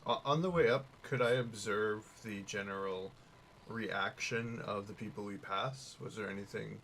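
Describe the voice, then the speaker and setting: A man's voice: lowish voice, normal speed, fairly bright tone, a little hiss or hum. A man playing a tabletop game, asking the game master rambling, hesitant questions. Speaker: player. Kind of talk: casual tabletop game chat.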